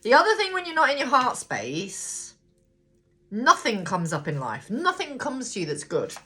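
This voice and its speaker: A woman's voice: fairly high pitch, wildly swooping pitch, moderate pace, sharp tone. A woman giving a casual tarot card reading, thinking aloud, talking straight to viewers and swearing freely. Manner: chatty, blunt, swears freely. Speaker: tarot reader.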